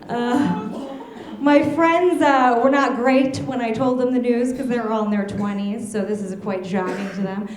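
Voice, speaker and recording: A woman's voice: fairly high pitch, unhurried, long pauses, darkish tone. Giggly woman doing stand-up, echoey club. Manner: chatty storytelling, giggles at her own jokes. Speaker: stand-up comedian. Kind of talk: stand-up comedy set. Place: comedy club stage.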